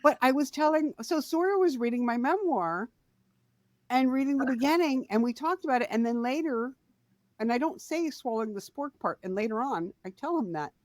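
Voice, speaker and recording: A middle-aged woman co-hosting a podcast, telling a family story in casual chat, swinging between quiet and loud. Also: high-pitched, lively intonation, brisk, no echo. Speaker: podcast co-host.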